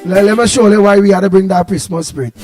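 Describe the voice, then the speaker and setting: Trinidadian guy hosting live, high voice, sing-songy shout-outs, music going behind. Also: fast talker. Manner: animated, half-singing greetings, chatty. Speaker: co-host. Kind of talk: live call-out show, greeting viewers. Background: music playing.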